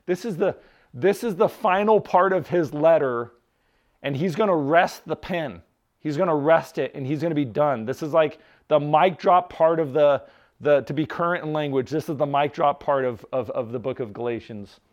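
A male pastor preaches in a conversational style, regularly checking in with "right?" and tossing in joking asides. His voice is on the high side at a moderate pace, and the recording sounds muffled.

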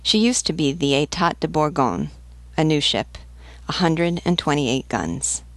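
A woman's voice: deep voice, animated, unhurried, no room sound. A woman reading the lines of a terse male naval captain preparing for battle, in clipped questions.

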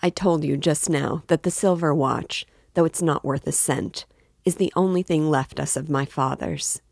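A woman's voice: low-pitched, normal speed, creaky, a little mellow, dry recording, studio quality. A woman reading aloud voices a tense, defensive young male student who covers his nerves. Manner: guarded, feigning irritability.

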